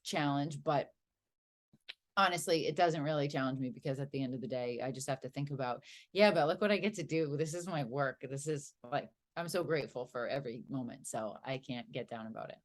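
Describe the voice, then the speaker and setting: Low-voiced upbeat woman guitarist. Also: a little fast. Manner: laughs often, upbeat and chatty. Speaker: guest guitarist. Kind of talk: casual interview chat.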